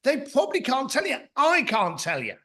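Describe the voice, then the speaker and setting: Animated, high-voiced middle-aged man telling stories. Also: normal speed. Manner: blunt, anecdotal, acts out other people's lines. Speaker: podcast guest, author and mentor. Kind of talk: conversational storytelling.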